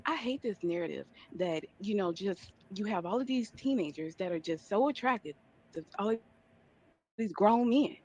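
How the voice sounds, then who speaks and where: A woman's voice: mid-range voice, expressive, moderate pace, darkish tone, a little hiss or hum. Firm woman in dull clip audio. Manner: firm, opinionated. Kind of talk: conversational podcast talk.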